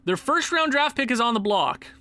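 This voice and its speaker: An excitable young man talking through his own gameplay, jumping between muttering and yelling at the screen. His voice sits high and swings widely in pitch. The tone is bright and sharp. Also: normal speed. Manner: excitable, yells and laughs at the screen. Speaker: gaming YouTuber. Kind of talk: let's-play commentary.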